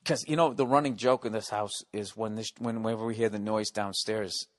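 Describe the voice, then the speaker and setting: A middle-aged American man hosting a podcast, delivering a profane, rambling comic monologue with swings between loud rants and muttered asides. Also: on the low side, fairly even intonation, moderate pace. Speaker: podcast host.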